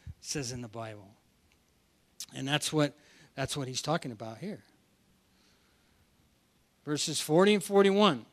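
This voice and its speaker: A male preacher with a slightly high voice teaches from the Bible at normal speed, leaving long pauses. His expository sermon is animated, and he often restarts phrases, repeating words as he does.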